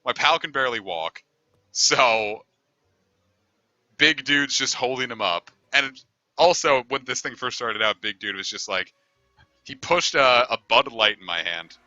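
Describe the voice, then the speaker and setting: A man's voice: medium pitch, expressive, unhurried, bright, forceful tone, no room sound, muffled recording. A man streaming a game, telling a long story in a rambling, easygoing way and swearing casually. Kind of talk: casual storytelling over gameplay.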